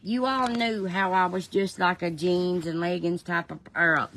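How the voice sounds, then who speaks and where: A woman's voice: fairly low pitch, fairly even intonation, normal speed, fairly bright tone, a little hiss or hum. A woman chatting casually on a livestream, answering viewers by name in a folksy way. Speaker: livestream host. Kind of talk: casual livestream chat, reading viewer comments.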